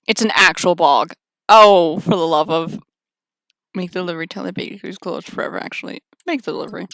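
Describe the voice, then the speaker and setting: Woman streamer, reading a visual novel, wry, bright voice, dry close sound. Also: fairly low pitch, fairly quick, creaky, dry recording. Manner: wry, chatty, sarcastic asides.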